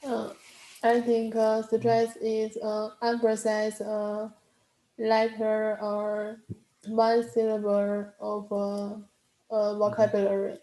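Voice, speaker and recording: A woman student answering in an online class, hesitant and pausing with many "uh"s. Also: medium pitch, monotone, warm tone, echoey room, low-quality recording. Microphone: video call.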